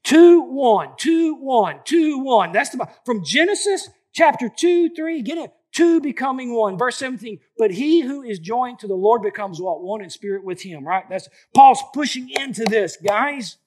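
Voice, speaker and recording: A man in his late forties preaching a sermon, lively and colloquial, often repeating emphatic phrases. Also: very high voice, normal speed, hardly any pauses. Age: 40s. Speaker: pastor.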